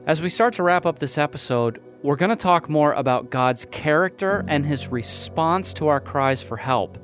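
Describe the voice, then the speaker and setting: A man hosting a faith show, giving a sincere scripted narration at a brisk clip. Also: a little high, expressive, soft background music. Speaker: show host.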